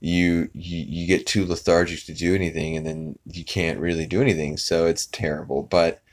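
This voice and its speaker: A man with a very low, deep voice hosts a podcast. He recaps a cartoon episode in a loose, rambling way and laughs along at the jokes. His talk is full of fillers and restarts. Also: moderate pace, gravelly. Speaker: podcast host.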